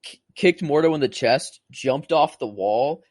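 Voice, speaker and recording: A man's voice: mid-range voice, lively intonation, unhurried, a little mellow, no echo, studio quality. A man co-hosting a podcast, retelling movie scenes in an eager, rambling way, full of fillers. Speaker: podcast co-host. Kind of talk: casual movie review chat.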